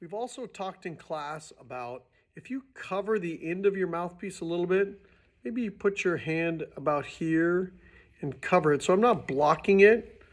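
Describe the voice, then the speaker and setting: Guy music teacher walking beginners through trumpet stuff, kinda high voice, patient and chill. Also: expressive, normal speed. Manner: patient, plain explaining with casual restarts. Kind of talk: instructional demonstration.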